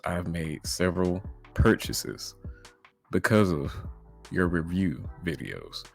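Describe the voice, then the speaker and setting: A man hosting a reaction video, answering another creator in a casual, measured way and repeating words as he presses his points. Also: rumbling low, expressive, gravelly, soft background music.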